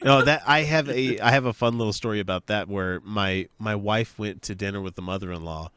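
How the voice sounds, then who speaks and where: A man's voice: fairly low pitch, brisk, fairly bright tone, clear, resonant tone, no echo. A man co-hosting a podcast, chatting casually in a laid-back, joking way and laughing easily. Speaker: podcast co-host. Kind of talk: casual chat.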